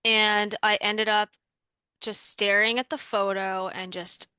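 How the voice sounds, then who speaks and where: A woman's voice: mid-range voice, little pitch movement, takes it slowly, pushed and bright, clear, resonant tone, no room sound. A young woman from Canada telling a personal story in a casual, chatty way, full of "like" fillers, as a workshop participant.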